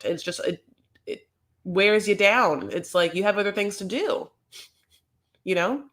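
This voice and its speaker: A woman with a slightly low voice riffs through a reality TV recap in a loose, gossipy ramble. She talks casually and fills her sentences with "like" and "you know" as she goes. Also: fairly bright tone.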